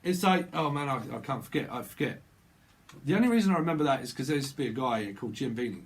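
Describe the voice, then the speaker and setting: A man's voice: medium pitch, lively intonation, fast. A man with a British accent, a tarot reader vlogging in a rambling, free-associating way, repeating words over and over. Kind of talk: rambling channeled tarot vlog.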